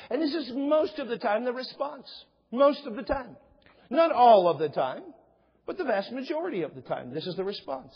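A middle-aged man preaching a sermon as pastor, talking conversationally and acting out little dialogues. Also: breathy edge. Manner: conversational, acts out dialogues with rising pitch. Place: church sanctuary. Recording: dull sound with long hall reverb.

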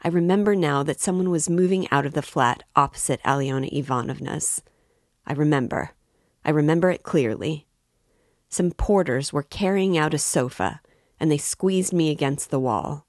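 A woman's voice: sits low, a little mellow, no echo, clean studio sound. A woman reading an audiobook voices a proud, wary young male student who answers curtly and with contempt. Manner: haughty, curt and wary.

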